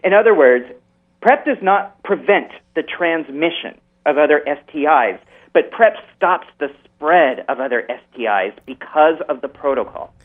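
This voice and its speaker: A man's voice: on the high side, animated, moderate pace. A man, a therapist, explaining earnestly as a guest in an interview over the phone. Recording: tinny phone line.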